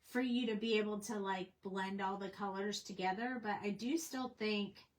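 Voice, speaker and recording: A woman's voice: mid-range voice, fairly even intonation, normal speed, low-quality recording. A woman casually teaching a coloring tutorial on a livestream, chatty and rambling with plenty of fillers. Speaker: craft instructor.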